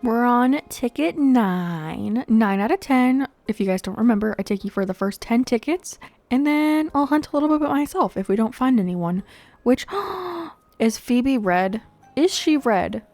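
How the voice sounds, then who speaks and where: A woman's voice: a little high, animated, normal speed, darkish tone, no room sound, soft background music. Bubbly young woman chatting over gameplay. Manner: chatty, playful, laughs often, talks to viewers. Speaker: video game streamer. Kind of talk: casual gameplay commentary.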